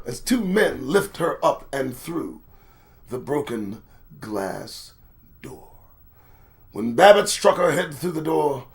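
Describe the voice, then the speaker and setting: A man with a fairly high voice reads the news on his own show and riffs on it. His commentary is profane and lively, sliding between low muttered asides and loud outbursts. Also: slow. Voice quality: animated, profane, swings from muttering to shouting. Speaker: host.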